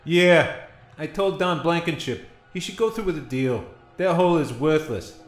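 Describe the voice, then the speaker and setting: A man's voice: fairly high pitch, animated, normal speed, soft background music, natural voice. A man playing a brash male ghost in a comic radio play, mocking everyone as losers. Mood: smug. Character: brash insulting male ghost, mogul impression. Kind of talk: comedy radio-play acting. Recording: roomy echo.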